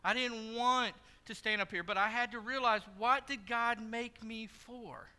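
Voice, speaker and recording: A pastor giving a sermon in a church, telling stories in a conversational, joking way. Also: male voice, sits high, steady tone, normal speed, few pauses, bright, forceful tone, clean tone. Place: church sanctuary. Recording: long hall reverb.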